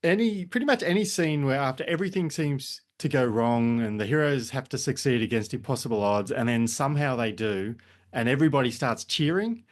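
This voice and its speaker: A man's voice: medium pitch, a little fast. A man co-hosting a podcast, retelling film scenes in casual chat. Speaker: podcast co-host.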